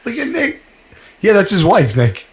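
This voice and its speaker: A man on a podcast who jumps in quickly with crude, swearing remarks. His voice is a touch higher than most men's. He is loose and profane as he banters. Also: wildly swooping pitch. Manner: quick-reacting, swearing interjections.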